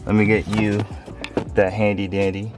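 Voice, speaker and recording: A man's voice: lowish voice, level tone, normal speed. A man giving a casual, chatty how-to walkthrough for his car channel, talking loosely while he works with his hands and films on a handheld phone. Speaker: car DIY vlogger. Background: music playing.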